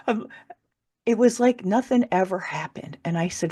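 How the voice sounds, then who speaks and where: Dark-toned and slightly rough, this woman's mid-range voice moves at a normal speed as she, an author on a podcast, tells a personal story. Emotional and candid, she swears freely and laughs through difficult moments.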